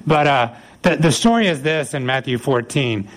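A man preaching a sermon, retelling scripture as a lively story and acting out the voices of the people in it. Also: mid-range voice, moderate pace, rough recording. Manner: animated storytelling, acts out quoted voices. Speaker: pastor.

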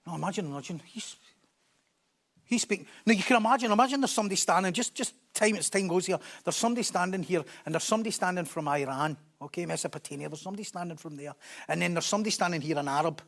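A man's voice: high-pitched, very fast, gravelly, a bit bright. A man preaching a sermon, emphatic and repeating key phrases for stress.

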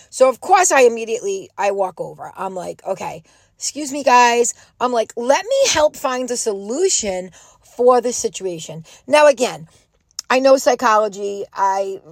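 A middle-aged woman telling a personal story in a casual, animated way, acting out what people said. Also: mid-range voice, dry recording. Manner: animated, quotes people in raised voices.

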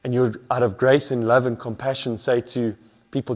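A man's voice: mid-range voice, flat delivery, fairly quick, a little mellow. A man preaching an earnest sermon as a pastor, building emphasis through repeated phrases.

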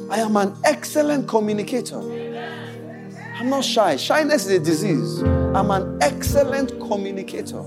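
A male pastor preaching with a high, lively voice that leaps up and down in pitch. He mimics people playfully and drives his declarations home with repetition. Music plays clearly behind him. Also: normal speed. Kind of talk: sermon.

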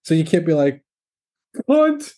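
A man's voice: medium pitch, fairly quick, warm tone. A young man co-hosting a podcast, joking crudely and laughing along in casual chat. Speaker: podcast co-host.

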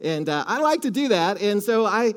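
A man preaching a sermon, telling a story with lively swings between hushed asides and loud excited exclamations, calling out to the congregation. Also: sits high, normal speed. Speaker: pastor. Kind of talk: sermon with audience call-and-response.

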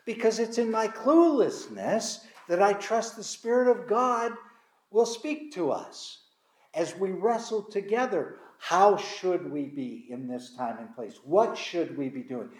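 A man, a pastor, giving a sermon and telling candid, self-deprecating stories from his own experience. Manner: candid, self-deprecating storytelling with lively pitch. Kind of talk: sermon with personal storytelling. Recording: roomy echo.

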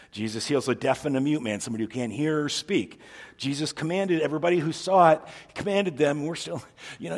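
A man preaching a sermon as a pastor, telling stories with lively energy and acting out the people he quotes. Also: fairly high pitch, brisk.

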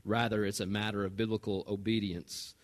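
A man, a pastor telling a personal story in a relaxed, self-mocking sermon. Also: lowish voice, fairly quick. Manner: conversational and self-mocking, with animated retold dialogue.

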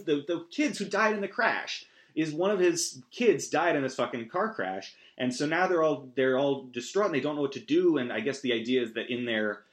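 A man casually recapping a movie, rambling with sarcastic asides and many fillers. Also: mid-range voice.

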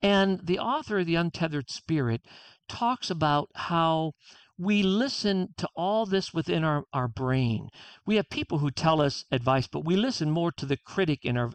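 A man's voice: fairly high pitch, expressive, normal speed, clean tone, no echo. An author being interviewed, a man speaking earnestly and acting out his own inner self-talk. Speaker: author guest. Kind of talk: interview conversation.

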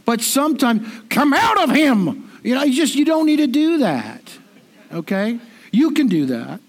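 A middle-aged man preaching in a high voice. He keeps it conversational and self-deprecating, often doubling back on his words as he talks. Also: very animated, normal speed, darkish tone. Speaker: pastor. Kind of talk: sermon.

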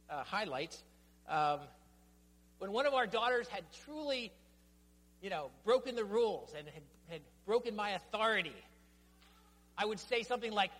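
A man's voice: high voice, fairly bright tone. A middle-aged man preaching a sermon as pastor, emphatic and building his points in stressed lists. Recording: long reverb of a church hall.

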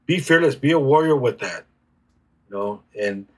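A man speaking as an interview guest, reflective and halting, with frequent restarts. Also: mid-range voice, expressive. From United States. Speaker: guest healer. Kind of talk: casual conversational interview.

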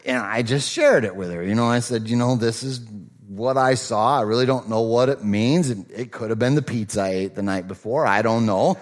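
A man's voice: medium pitch, fairly quick. A middle-aged male pastor preaching a sermon in a conversational, storytelling way, with frequent fillers and asides.

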